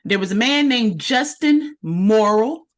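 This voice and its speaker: A woman's voice: a little high, expressive, slow pace. A woman co-hosting a podcast, chatting casually in a laid-back, laughing and profane way. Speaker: podcast co-host. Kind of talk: casual chat.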